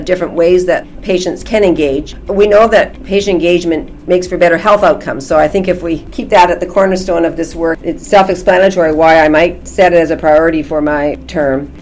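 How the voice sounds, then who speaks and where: A woman's voice: lowish voice, darkish tone, a little hiss or hum, low-quality recording. A middle-aged woman, a family physician, answering interview questions thoughtfully with frequent restarts and fillers. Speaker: family physician and college president.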